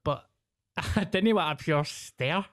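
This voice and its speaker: A man's voice: a little high, slow, dry recording, clean studio sound. A man with a Glaswegian accent, a stand-up comedian telling a story in casual podcast chat, rambling, slangy and sweary. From Glasgow, Scotland.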